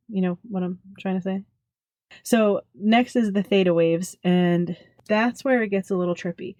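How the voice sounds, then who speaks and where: A woman's voice: lowish voice, mellow, no room sound. A woman hosting a podcast in a casual monologue, chatty and giggly, full of jokey self-deprecating asides. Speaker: podcast host.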